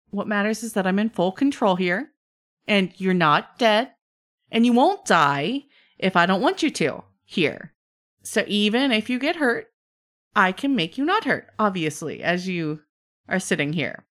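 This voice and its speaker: A woman's voice: mid-range voice, sing-song, a little slow. A woman voicing a weary male mage who sighs and dodges questions. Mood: exasperated. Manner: exasperated, evasive, sighing. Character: weary male mage talking to unseen voices.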